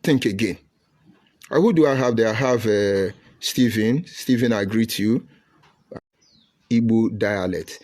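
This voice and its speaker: A man's voice: fairly low pitch, measured pace, pauses often, darkish tone. A middle-aged man with a Nigerian accent giving combative live-stream commentary, reading and answering viewer comments with rhetorical questions and insults.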